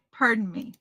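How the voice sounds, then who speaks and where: Middle-aged woman host, unhurried and rambling, bright tense tone, dry close sound. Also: very high voice, no room sound. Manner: chatty, slow, rambling with restarts. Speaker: live stream host. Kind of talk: casual live stream chat, reading out viewer comments.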